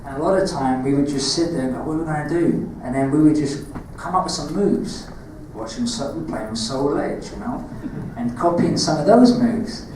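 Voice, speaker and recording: A man with a Cockney accent answering questions on a convention panel, telling animated stories, laughing and acting out moments, recorded from the audience far off in a large hall. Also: a little high, normal speed, a little hiss or hum. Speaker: panel guest, actor and martial artist. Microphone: audience camera far from the stage.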